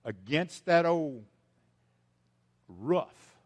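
An older man from the United States preaching a sermon, swinging from loud emphasis to hushed lines and repeating key phrases. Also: a little high, lively intonation, extremely slow.

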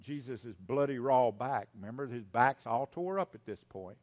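An older man from the United States preaching a sermon, swinging from loud emphasis to hushed lines and repeating key phrases. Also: mid-range voice, normal speed.

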